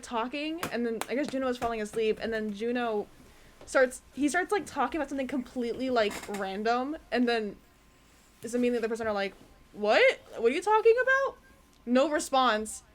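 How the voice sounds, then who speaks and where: A young woman co-hosting a podcast in casual chat, giggly and halting with fillers. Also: a little high, slight background noise. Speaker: podcast co-host.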